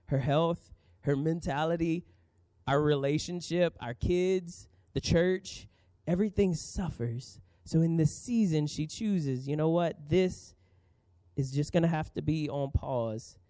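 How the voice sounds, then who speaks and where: A man in his thirties preaching a sermon as pastor, earnest and emphatic with dramatic pauses. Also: a little high, dark tone, no room sound.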